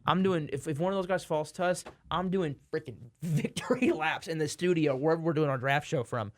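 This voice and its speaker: A man's voice: on the high side, brisk, dry recording. A man, co-hosting a sports podcast in casual chat, rambling and correcting himself, sometimes exasperated.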